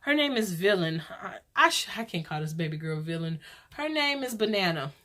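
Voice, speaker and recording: A woman in her twenties hosting a casual vlog, chatty and rambling, telling stories in a lively way. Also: fairly low pitch, normal speed. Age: 20s. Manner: chatty, rambling, lively storytelling with church talk. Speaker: vlog host.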